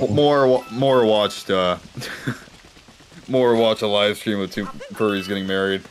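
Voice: low voice, takes it slowly, slight background noise. A co-host chatting and teasing casually during a video game stream. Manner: animated, teasing banter. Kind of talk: casual gaming stream chat.

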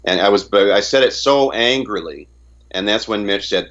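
A man's voice: fairly low pitch, moderate pace, a bit bright, dull audio. A man from Canada giving an interview in a casual way, often stumbling and repeating words as he retells conversations. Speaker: interview guest.

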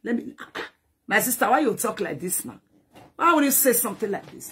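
A very husky, raspy older woman with a Nigerian Pidgin accent, boasting to camera. Her voice sits a little high, and her talk is animated, swinging from muttering to loud bursts. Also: fairly quick. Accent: Nigerian Pidgin English. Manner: boastful, animated, shouts at times.

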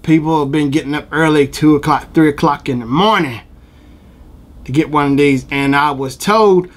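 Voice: medium pitch, normal speed. A vlog host talking giddily, repeating phrases and breaking into bits of song. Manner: giddy, repetitive, breaks into song. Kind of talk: excited unboxing vlog.

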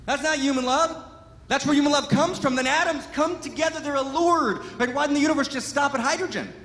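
A man giving an impassioned spiritual talk at a Sunday service, emphatic, constantly asking "right?" and swinging between loud exclaims and hushed, intimate lines. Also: very high voice, fairly quick, a little hiss or hum. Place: large hall at a live Sunday service. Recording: echoey hall with long reverb.

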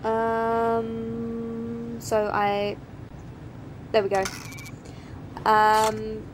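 A woman's voice: a little high, monotone, extremely slow, background noise. A young woman in her early twenties, chatting casually as she plays a video game, muttering to herself with lots of ums. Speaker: let's play gamer. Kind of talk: casual gameplay commentary.

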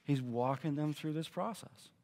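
A man's voice: on the high side, moderate pace, darkish tone, in a large hall. A man giving a sermon as pastor, preaching in a conversational way and acting out the quoted speech he tells. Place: church auditorium.

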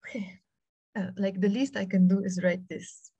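This Arabic teacher, a woman with a Lebanese accent, runs a live online lesson for beginners by video call, encouraging them as she patiently spells out every letter slowly. Her mellow, middle-pitched voice has a breathy edge and fairly even intonation. The recording is dry and close, with no room around it.

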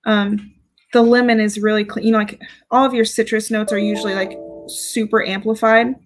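A woman's voice: mid-range voice, level tone, normal speed, faint music behind, low-quality recording. A woman chatting casually on a live stream as she reviews fragrances, giggling and reading out viewer comments. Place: home with dogs.

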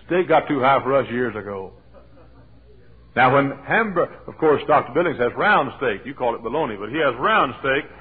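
A middle-aged man from Texas, preaching a folksy, emphatic sermon to his church, swinging from quiet storytelling to loud swells with joking asides. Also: mid-range voice, lively intonation, moderate pace, breathy edge. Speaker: pastor. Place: church sanctuary. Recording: thin, phone-like old sermon tape.

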